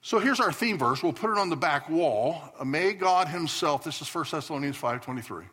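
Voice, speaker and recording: A male pastor preaching a sermon, swinging between loud emphatic declarations and soft asides. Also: on the high side, expressive, moderate pace, few pauses, husky. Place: church sanctuary.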